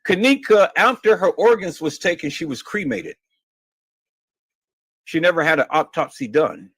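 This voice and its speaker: Man, livestream host; fairly high voice, dry close sound, insistent, repeats himself. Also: expressive, moderate pace, a bit bright, husky, no echo. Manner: emphatic and insistent, stammering repeats. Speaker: livestream host answering viewer questions. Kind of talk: heated livestream talk.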